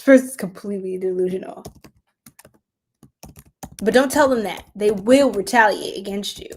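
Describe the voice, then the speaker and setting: A young adult woman giving a casual tarot reading, chatty, laughing often and dropping into soft whispers. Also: mid-range voice, unhurried, pauses often, slightly rough. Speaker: tarot reader.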